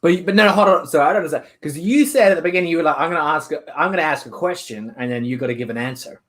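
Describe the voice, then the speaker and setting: A man doing improvised comedy, objecting in a confused, halting way. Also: a little high, fairly bright tone. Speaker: improv performer. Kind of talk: improvised comedy over video call.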